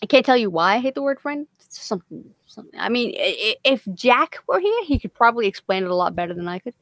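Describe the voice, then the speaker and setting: A woman's voice: on the high side, sing-song, quick pace, a bit bright, dry recording, clean studio sound. A woman hosting a casual livestream chat, bantering and swearing freely. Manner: profane, laughing banter. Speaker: livestream host.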